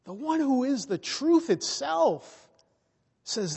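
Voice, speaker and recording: Slow, emphatic preacher in a reverberant hall. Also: male voice, extremely high pitch, sing-song, vocal fry, a little mellow, slightly rough. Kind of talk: sermon. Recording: long reverb of a large hall.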